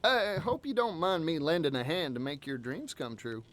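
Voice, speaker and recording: An actor voicing a cheerful, folksy traveling merchant with a Southern American accent in a video game. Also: male voice, a little high, lively intonation, normal speed, a bit bright. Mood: upbeat. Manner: folksy, eager and friendly. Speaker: game character.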